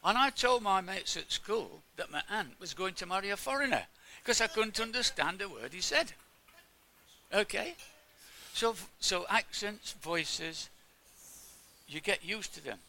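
Speaking at a measured pace with lively intonation, this older man from England preaches informally, conversing with his congregation and asking them questions. His high voice carries vocal fry and a sharp tone, with a little hiss or hum in the recording.

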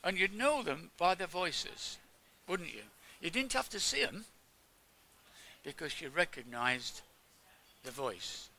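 Older English preacher, lively and bright. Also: male voice, on the high side, slow, long pauses, slight background noise. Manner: chatty, asks the congregation questions. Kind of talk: informal sermon.

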